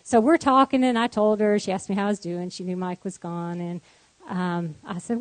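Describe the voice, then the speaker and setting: A woman sharing a personal faith testimony as a guest, telling her story in an animated way. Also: normal speed, no room sound, rough recording. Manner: animated storytelling, voice rising high in acted quotes, laughing.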